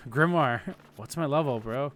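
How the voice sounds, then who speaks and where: A man's voice: medium pitch, slow, a little hiss or hum. A young man rambling through casual live game commentary, swearing often and laughing easily. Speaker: streamer.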